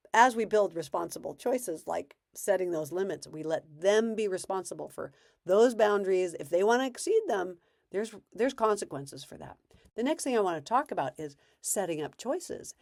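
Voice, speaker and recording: A woman's voice: lowish voice, creaky, darkish tone, dry recording, studio quality. A woman parenting coach giving casual advice in a conversational way, acting out bits of parent and child dialogue.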